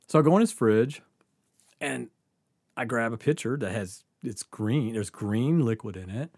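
A man's voice: mid-range voice, a little slow, a little mellow, breathy edge, no echo, clean studio sound. A man casually telling a story, laughing often and swearing freely.

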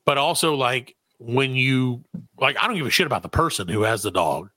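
A man's voice: medium pitch, expressive, a little fast, sharp tone, no echo. A man co-hosting a comedy podcast, riffing in casual banter and acting out quoted voices. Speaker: podcast co-host.

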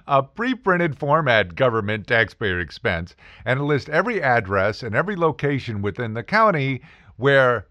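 Wry lively-voiced American man telling stories. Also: medium pitch, normal speed, no echo. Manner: wry, joking, acts out quoted voices. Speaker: attorney podcast host. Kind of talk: casual storytelling monologue.

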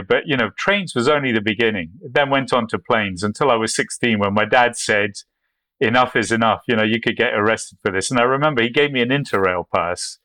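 This guest is a photographer whose mid-range, slightly bright voice comes through with no echo. Responding to an interviewer, he rambles through lengthy stories, often starting over and performing the lines people said.

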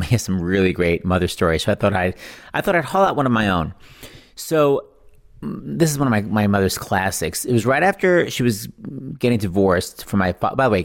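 A middle-aged male host tells a comic story with a lot of swing in his voice. He jumps up high to act out the people he quotes and laughs as he goes. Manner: animated, acts out quotes in a high voice, laughs while telling. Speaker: podcast host. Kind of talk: casual storytelling.

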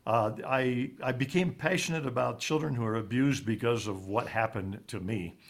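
Halting man recounting a painful story. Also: gravelly. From raised in Ivory Coast. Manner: halting, repeats words, voice drops low and quiet on painful parts. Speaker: author and interview guest. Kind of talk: personal storytelling in an interview.

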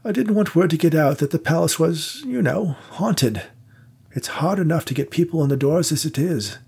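A man's voice: a little high, lively intonation, moderate pace, creaky, darkish tone, breathy edge, pitched above the performer's own voice, exaggerated voice. A man voicing a fussy, formal old male theater manager who is wary of strangers. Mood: prim, formal.

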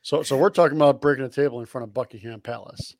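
A man co-hosting a casual podcast, quick and teasing. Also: mid-range voice. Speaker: podcast co-host.

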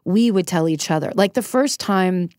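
Candid, laughing woman, dry low voice. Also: expressive, moderate pace, a little mellow, dry recording. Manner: candid, self-deprecating, laughs often. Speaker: podcast guest. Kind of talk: casual interview conversation.

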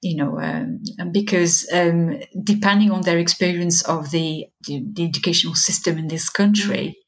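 A middle-aged woman, an educator, appears as a guest in a conversational interview. Her voice sits on the low side and moves at a moderate pace, and she comes across as thoughtful and hesitant, often using fillers and restarting her sentences.

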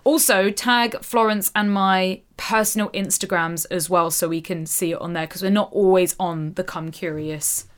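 A woman's voice: fairly low pitch, fairly even intonation, normal speed, few pauses. A woman co-hosting a podcast in casual chat, bubbly and frank, swearing freely. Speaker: podcast co-host.

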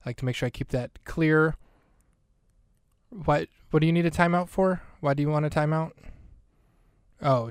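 A male podcast host with a smooth, resonant voice. He rambles through a film recap in a loose, joking way. The recording is dry and close, with almost no room sound. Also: mid-range voice, dry recording. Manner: joking, rambling, self-interrupting. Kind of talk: casual comedic podcast commentary.

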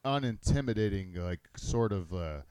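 A middle-aged man hosting a crude casual podcast chat, rambling and halting with many fillers and restarts. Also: on the low side, animated, darkish tone, smooth, dry recording. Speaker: podcast host.

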